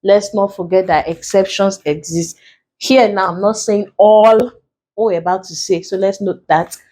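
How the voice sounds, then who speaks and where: A woman with a Nigerian English accent tutoring an exam-prep lesson, slow and deliberate, repeating key points as she writes on a board. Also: medium pitch, steady tone, warm tone, rough recording.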